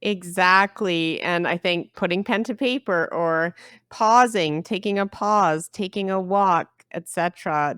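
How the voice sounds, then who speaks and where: A woman's voice: lowish voice, fairly bright tone, clean tone, no room sound, studio quality. A woman hosting an interview show, reflective and affirming in casual conversation. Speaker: podcast host.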